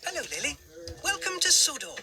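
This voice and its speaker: A man voicing a cheeky, cheerful young male tank engine that calls out excitedly. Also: very high-pitched, brisk, noisy background, voice pushed up. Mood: chirpy. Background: music.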